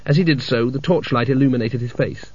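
A man narrating a comic fantasy novel as an audiobook in a dry, measured storytelling manner. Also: mid-range voice, a little mellow, slightly rough. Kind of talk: scripted narration. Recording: dull lo-fi audiobook recording.

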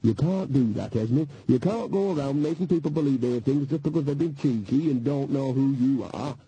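A man's voice: mid-range voice, moderate pace, warm tone, breathy edge, rough recording. A man doing a cheeky, earthy old witch. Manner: chatty, mischievous. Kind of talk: audiobook character voice.

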